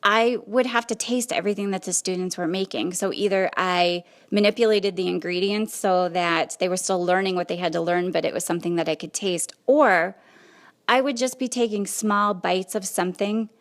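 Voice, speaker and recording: A woman hosting a podcast, telling a personal story in a conversational, animated way. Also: medium pitch, moderate pace. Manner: conversational, animated retelling with quoted asides. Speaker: podcast host.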